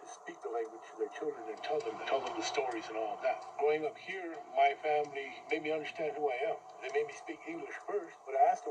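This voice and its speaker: A man's voice: medium pitch, fast, hardly any pauses. A middle-aged man from Arizona, an interviewee and religious leader, telling his personal story candidly, in plain words and with vivid quoted dialogue. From Arizona, USA. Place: outdoors. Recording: distant outdoor field mic, loud background noise.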